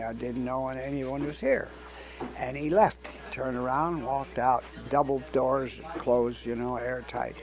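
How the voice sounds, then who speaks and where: An older man being interviewed, telling anecdotes in an animated way and acting out the dialogue. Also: medium pitch, creaky, poor audio. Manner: animated storyteller who acts out dialogue. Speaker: interview guest. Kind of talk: anecdotal storytelling.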